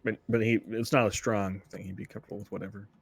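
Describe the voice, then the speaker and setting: A man's voice: lowish voice, little pitch movement, quick pace, gravelly, husky, no room sound. A man playing in a tabletop game, talking casually and jokingly, often trailing off mid-thought. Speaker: player.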